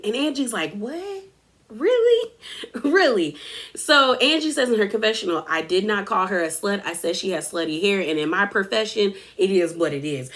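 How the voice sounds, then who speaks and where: A woman recapping a reality TV episode in a gossipy, casual way, acting out quotes and laughing often. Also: medium pitch.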